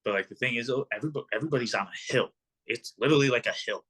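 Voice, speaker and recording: Rapid-fire and mid-range, his voice comes across a bit bright and slightly rough. The speaker, a young professional hockey player in his twenties, spins rambling, filler-laden tales during a relaxed podcast interview, saying "um" and "like" constantly.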